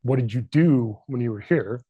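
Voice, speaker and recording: A man's voice: medium pitch, normal speed, breathy edge, dry recording, narrow, tinny audio. A middle-aged man leading a leadership workshop, speaking earnestly and candidly, fighting back tears. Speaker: leadership trainer. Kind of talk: emotional workshop talk. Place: training room.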